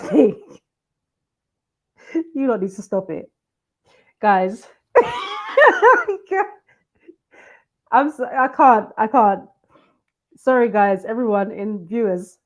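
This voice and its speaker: Slow-speaking woman panelist. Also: mid-range voice, mellow. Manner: giggling, trying to stay serious. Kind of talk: casual panel discussion.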